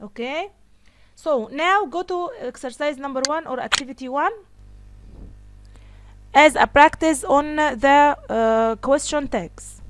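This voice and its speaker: A woman teaching an English grammar lesson, slowly repeating each example sentence. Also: sits high.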